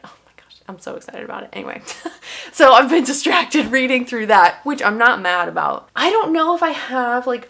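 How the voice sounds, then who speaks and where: A woman's voice: mid-range voice, creaky, a bit bright. A woman chatting casually at home in a writing vlog, rambling with fillers and light laughs. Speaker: writing vlogger. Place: at home, indoors. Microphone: headphones on, desk setup.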